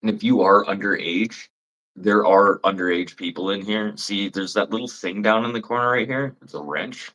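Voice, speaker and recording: A Canadian man chatting with viewers on a livestream, blunt and rambling, swearing freely and mimicking people in high mocking voices. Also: moderate pace, bright, forceful tone, rough recording. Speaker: livestream host. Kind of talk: casual live chat with viewers.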